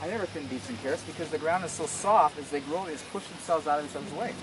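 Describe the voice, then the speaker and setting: An older man with a slightly raised voice walks visitors through his garden, talking in an eager, homespun way. He often trips over his words and repeats them. The outdoor recording carries a steady wash of background noise. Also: fairly high pitch, quick pace. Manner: enthusiastic, folksy, stumbles and repeats words. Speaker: gardener giving a tour. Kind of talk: casual guided garden walk.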